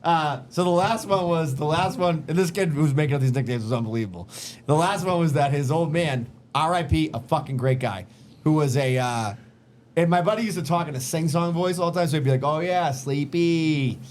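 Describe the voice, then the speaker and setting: A man swapping stories on a podcast, loose and profane, slipping into his friends' voices as he goes. His voice sits a little high for a man. A faint hiss runs under it. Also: a little fast. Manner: profane, animated storyteller who acts out friends' lines. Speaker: podcast host. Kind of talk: casual storytelling chat.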